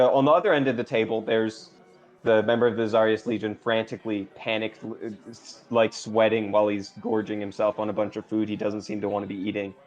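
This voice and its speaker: A man's voice: fairly low pitch, a little mellow. A man narrating a tabletop game as game master, hesitant and full of fillers. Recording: dull lo-fi stream audio with faint music.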